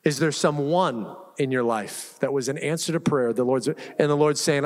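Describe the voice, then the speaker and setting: A man's voice: mid-range voice, normal speed. A man preaching a sermon as pastor, conversational and humorous, telling stories to his congregation. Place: church sanctuary. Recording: live church hall reverb.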